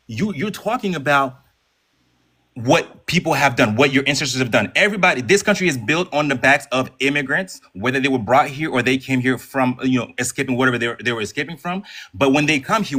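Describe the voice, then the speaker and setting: A middle-aged man speaks quickly as a guest in a live-stream debate, often hesitating and starting his sentences over. His voice sits at an ordinary pitch. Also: a bit bright. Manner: fast, hesitant, restarts when interrupted. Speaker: guest caller.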